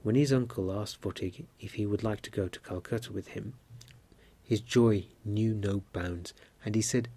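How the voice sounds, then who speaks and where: A man reading a story aloud at a measured pace, lifting his voice for the characters' shouts. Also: lowish voice, slightly rough. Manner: steady, measured reading with lively lifts for quoted cries. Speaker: narrator.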